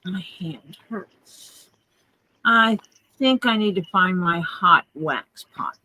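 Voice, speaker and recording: A woman's voice: on the low side, animated, slow pace, bright, forceful tone, rough recording. A woman hosting a casual livestream while doing leatherwork, tossing out joking asides as she works. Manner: joking asides while working with her hands.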